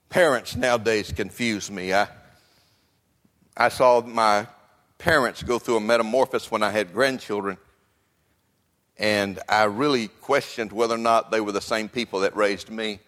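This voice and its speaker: An older man preaching a sermon, swinging between quiet talk and shouting. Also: fairly low pitch. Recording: long echo of a large hall.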